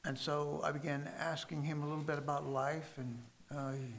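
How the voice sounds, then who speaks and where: A man preaching a sermon and telling stories emphatically, with sudden loud stresses and soft drops. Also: fairly high pitch, level tone, moderate pace, slight background noise.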